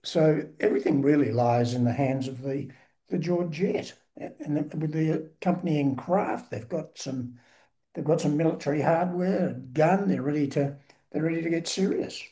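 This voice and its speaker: A man hosting a conversation, prompting the storyteller with eager questions and lively reactions. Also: fairly high pitch, normal speed. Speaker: host. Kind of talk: conversational interview.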